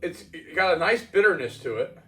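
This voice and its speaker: A chatty man casually reviewing homebrew beer, rambling and stopping to correct himself mid-thought. His voice sits fairly high for a man. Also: animated, normal speed, fairly bright tone.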